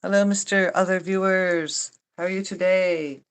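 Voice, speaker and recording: A woman's voice: fairly low pitch, steady tone, moderate pace, clean tone. An older woman hosting a casual livestream chat, rambling and wry, mocking herself and swearing now and then. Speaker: livestream host.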